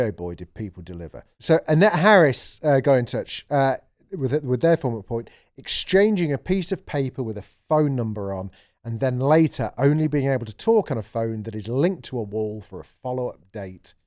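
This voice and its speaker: A man co-hosting a podcast in casual, sweary chat with quick restarts. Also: mid-range voice, a little mellow. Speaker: podcast co-host.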